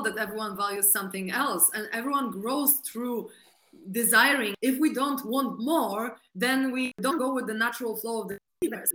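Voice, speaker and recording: Woman podcast host, higher voice, enthusiastic, echoey room sound. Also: sharp tone. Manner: enthusiastic, searching for words. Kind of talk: casual podcast conversation.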